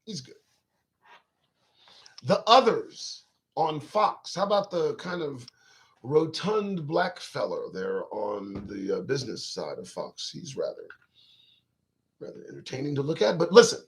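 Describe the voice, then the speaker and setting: A man's voice: medium pitch, very animated, unhurried, pauses often. A man hosting his own talk show, riffing in a casual live-stream monologue to viewers' chat, profane, rambling and emphatic.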